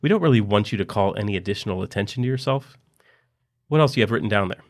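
A stern, measured male teacher giving firm instructions to a class, as a man puts him on. His voice sits a little low. He is patient but clipped, with an edge of exasperation. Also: lively intonation.

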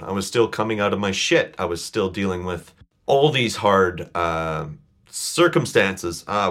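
A man's voice: low-pitched, a bit bright. A man telling a personal story as a podcast guest, earnest and a little choked up. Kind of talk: casual chat, personal storytelling.

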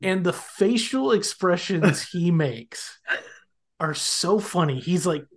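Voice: medium pitch, lively intonation, takes it slowly. A podcast host in casual chat, recapping an episode animatedly, laughing often and acting out quoted lines.

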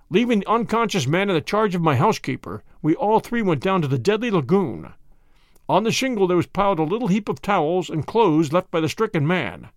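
A man reading a first-person story aloud with measured, dramatic delivery. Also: high-pitched, sing-song, dry recording, studio quality. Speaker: audiobook reader.

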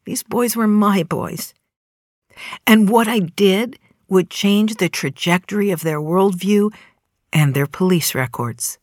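A middle-aged woman telling a personal story in a measured way, dropping to a hushed near-whisper at tense moments. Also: medium pitch, no echo, studio quality.

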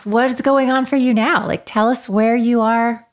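A woman co-hosting a casual chat, enthusiastic and quick to laugh. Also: fairly high pitch, fairly even intonation. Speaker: co-host.

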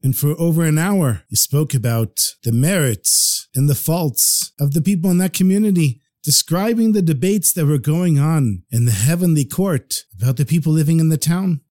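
A man narrating a traditional story in an expressive podcast storytelling style. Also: a little high, normal speed, hardly any pauses, dry recording, studio quality.

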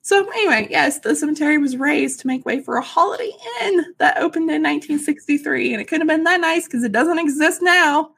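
A woman's voice: high voice, brisk, creaky, few pauses, a bit bright. A woman from Arkansas co-hosting a casual podcast chat, telling stories with sarcastic asides. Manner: chatty storyteller, sarcastic asides, frequent laughs. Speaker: podcast co-host.

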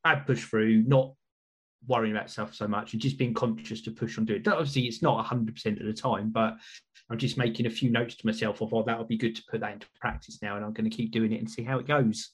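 Casual male podcast host, slightly husky, rambly and warm-paced. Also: fairly low pitch, steady tone, quick pace. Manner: chatty, rambling with restarts.

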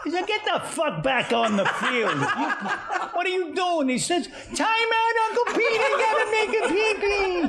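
A man's voice: extremely high pitch, big pitch swings, normal speed, heavy background noise, exaggerated voice. An actor playing a crude, boisterous old man who laughs and curses through a story in a TV drama. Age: older. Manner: loud, laughing, cursing, mimics a whiny child. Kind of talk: TV drama monologue.

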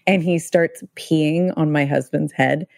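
A woman's voice: sits low, unhurried, vocal fry, no room sound, studio quality. A woman in her thirties co-hosting a podcast, telling stories with lots of laughter and animation. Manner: animated storytelling, laughs often. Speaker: podcast co-host. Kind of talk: casual chat.

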